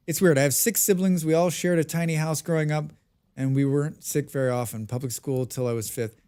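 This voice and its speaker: A man's voice: a little high, brisk, a little mellow, clear, resonant tone. A man streaming a survival game, chatting casually with his viewers and answering their messages. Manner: chatty, reads and answers chat. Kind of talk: casual live-stream chat.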